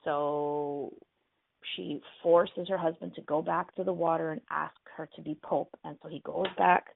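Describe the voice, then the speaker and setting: A woman's voice: deep voice, steady tone, a little slow, vocal fry, husky, dry recording. A woman radio host casually retelling a fairy tale in a chatty way, full of "like" and "you know", over a tinny phone-like line.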